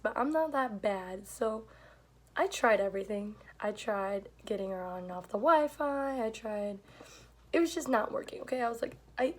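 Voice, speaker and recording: A young woman telling a story in a casual vlog, chatty and full of "like", swearing now and then. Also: fairly high pitch. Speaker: vlogger.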